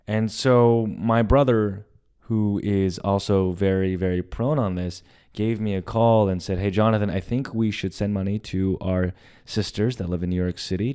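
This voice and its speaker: A young man with a deep, low voice hosts a podcast and tells a personal story casually. He talks in an animated way, acting out the voices of the people in it. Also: clear, resonant tone. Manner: animated, acts out quoted lines. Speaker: podcast host.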